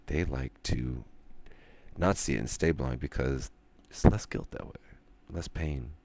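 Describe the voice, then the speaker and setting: A man streaming, talking in a rambling monologue and ranting with drawn-out pauses. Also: darkish tone. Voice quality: very deep gravelly voice.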